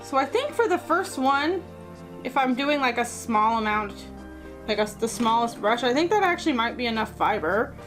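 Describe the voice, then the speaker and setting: A woman's voice: a little high, lively intonation, moderate pace, music in the background. A woman chatting through a casual crafting vlog, joking and teasing herself as she works. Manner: chatty and self-mocking. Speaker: craft vlogger.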